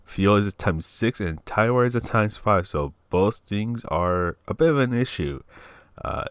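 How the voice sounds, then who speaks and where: A young man with a lowish, slightly groggy morning voice talks a racing game lap through in calm, step-by-step voice-over. The sound is close and dry, with no room around it. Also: unhurried, clear, resonant tone, dry recording. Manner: calm, steady step-by-step explaining. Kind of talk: instructional voice-over commentary.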